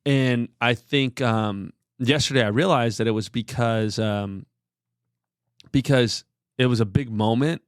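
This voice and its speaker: Speaking a little slowly, this thirty-something podcast guest has a clear, resonant, medium-pitched voice. He rambles earnestly through a personal story, leaning on lots of fillers. The recording is dry and studio quality.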